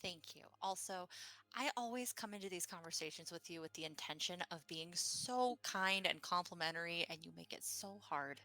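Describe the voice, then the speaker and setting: A woman playing a tabletop game, chatting in a teasing, quick-witted way. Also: on the low side, sharp tone. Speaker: player. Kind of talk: casual chat at a tabletop game.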